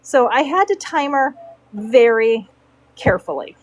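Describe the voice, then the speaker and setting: A woman with a high, bright voice tells a story in a casual way, acting out each person she quotes. The sound is dry and close, with no room around it. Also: a little slow, no room sound, low-quality recording. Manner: animated, acts out quoted dialogue. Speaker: horse braider telling a story.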